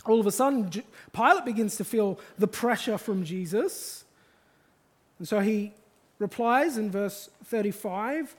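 A preacher delivering an expository sermon, stacking phrases for emphasis and slowing down to drive points home. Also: animated. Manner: emphatic, building lists for stress; slows and drops low on key phrases.

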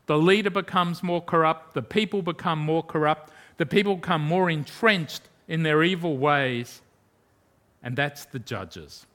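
Preaching at a measured pace, a man with a bright, forceful voice that sits somewhat high for his sex speaks with emphasis. He leans on rhetorical questions and moves between loud passages and hushed ones.

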